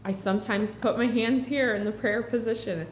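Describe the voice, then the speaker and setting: With a slightly high voice, fairly even intonation and a moderate pace, a woman reflects earnestly to camera in a casual spiritual vlog. It's recorded in an echoey room with a faint background hum.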